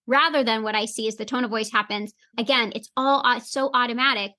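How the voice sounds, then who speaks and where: A woman's voice: a little high, a little fast, hardly any pauses, bright, forceful tone. A woman health coach, a podcast guest, explaining earnestly and acting out bits of inner dialogue. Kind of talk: podcast interview answer.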